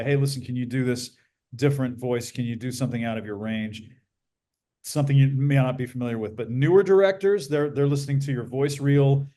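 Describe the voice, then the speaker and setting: A middle-aged man with a bass-baritone voice, a voice actor speaking as a podcast guest and explaining things at length in a measured, casual way. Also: a little mellow. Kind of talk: casual interview talk.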